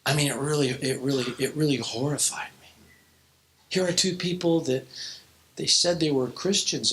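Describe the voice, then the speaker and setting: Middle-aged pastor, fairly high-pitched, preaches to students in a church hall, tells stories, falls to a hush. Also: male voice, moderate pace, a little hiss or hum. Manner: storytelling, with restarts and sudden drops to a hush. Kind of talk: sermon to a youth group.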